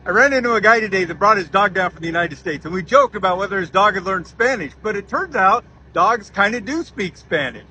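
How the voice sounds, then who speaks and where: A man's voice: sits high, lively intonation, brisk, few pauses, pushed and bright, a little hiss or hum, rough recording. A man vlogging, chattily explaining a curious fact in a casual storytelling way. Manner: chatty, explains facts in a conversational way.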